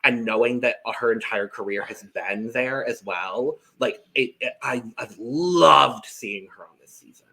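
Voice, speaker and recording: A man co-hosting a casual reality TV podcast, eager and quick to laugh. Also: mid-range voice, vocal fry, sharp tone. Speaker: podcast co-host. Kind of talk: casual chat.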